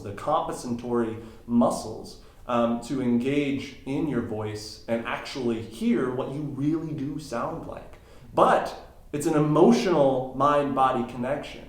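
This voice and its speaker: A man's voice: medium pitch, darkish tone. A man talking as a guest on a podcast, a coach explaining ideas step by step with emphatic rises. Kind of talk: casual interview talk. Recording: roomy echo.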